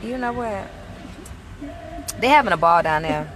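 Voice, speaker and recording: Chatting on a livestream from a parked car by a mall, a woman in ministry leadership greets viewers by name and offers blessings. She has an expressive, unhurried, mid-range voice with some brightness, and there's slight background noise.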